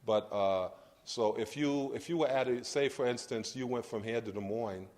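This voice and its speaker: A middle-aged man from Brooklyn, giving a lecture about his life in a conversational, halting way with frequent restarts. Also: medium pitch, darkish tone. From Brooklyn, New York. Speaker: guest lecturer. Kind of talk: personal storytelling lecture.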